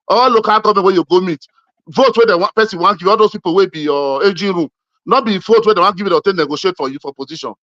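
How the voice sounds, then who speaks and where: Here the Edo State man's voice runs on the high side with a sharp tone as he pushes his political case in Nigerian Pidgin. He repeats his points insistently and says "my brother" to the listener; the interviewee's recording has no echo and lacks high frequencies.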